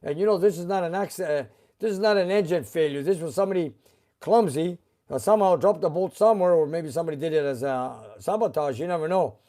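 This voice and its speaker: Mellow-voiced man hosting a garage live stream. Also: on the high side. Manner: relaxed, halting, with many uh fillers. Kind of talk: casual live-stream chat reading viewer comments.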